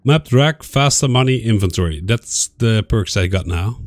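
A man's voice: lowish voice, animated, normal speed, dry recording, soft background music. A man giving casual let's play commentary, reading game dialogue aloud and chuckling often. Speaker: gaming YouTuber.

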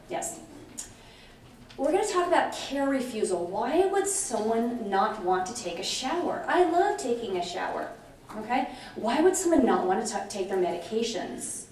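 A middle-aged woman giving a lively conference presentation, chatty and animated, often checking in with her audience. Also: fairly high pitch, moderate pace. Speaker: conference speaker on dementia care. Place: large conference room. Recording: very echoey hall from far off, faint noise.

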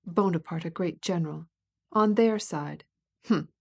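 A woman's voice: lowish voice, measured pace, gravelly, husky, full character voice. A woman voicing an irascible old prince, blustering and sarcastic, in an audiobook reading. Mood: scornful.

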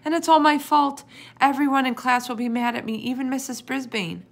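A woman voicing an emotional young girl who wails and cries in a high, loud voice in a storybook reading. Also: expressive, moderate pace. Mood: wailing. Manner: tearful, wailing, high and loud.

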